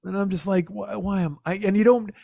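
A man's voice: high-pitched, steady tone, fairly quick, creaky, dark tone, no room sound, studio quality. A man telling a casual, profane story in his own voice. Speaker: podcast host telling a story.

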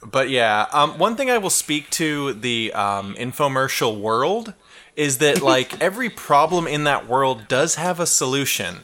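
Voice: medium pitch, big pitch swings, unhurried, fairly bright tone. A podcaster in casual chat, rambling and joking with frequent restarts.

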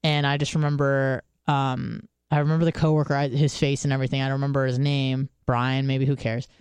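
A woman's voice: rumbling low, flat delivery, a little fast, a little mellow, smooth, no room sound. Woman podcast host, swears freely and rambles through her stories, clean voice in a dry room. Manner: profane, rambling storyteller. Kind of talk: casual chat.

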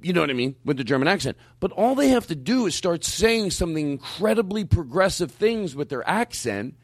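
A male comedy host with a lively, swooping voice, playing at strict authority while he shushes the room and breaks into laughs. The sound is dry and close, with no room around it. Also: on the high side, fairly quick, no room sound. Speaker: podcast host. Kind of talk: comedic banter. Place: studio.

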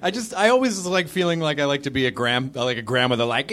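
A man's voice: mid-range voice, fast talker, a bit bright. Man hosting a comedy show. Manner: rambling, self-aware asides. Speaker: show host. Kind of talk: introducing comedians. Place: comedy club stage.

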